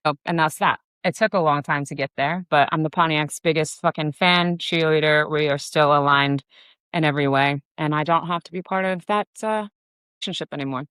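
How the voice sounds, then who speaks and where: A woman's voice: low voice, a little fast, clear, resonant tone, dry recording. Woman, 40s, from the US, bar owner; casual, swearing, filler-heavy storyteller, dry close sound. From United States. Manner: profane, animated storyteller with many fillers.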